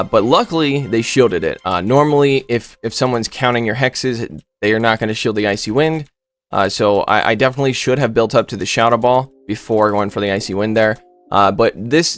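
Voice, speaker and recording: A man's voice: medium pitch, a bit bright. A man giving casual gameplay commentary as a YouTuber, rambling and joking with lots of filler words. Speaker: gaming YouTuber.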